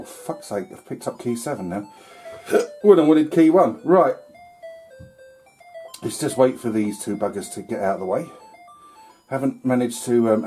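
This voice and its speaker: Man, retro game commentary, mellow warm tone, rambling with fillers, faint chiptune music behind. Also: medium pitch. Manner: rambling, filler-heavy, mild swearing. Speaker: retro gaming YouTuber. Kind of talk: casual gameplay commentary.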